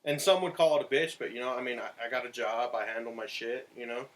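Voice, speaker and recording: A man's voice: mid-range voice, fairly even intonation, fast talker. A young man hosting a podcast, laid-back and agreeable in casual chat, with some swearing. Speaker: podcast host.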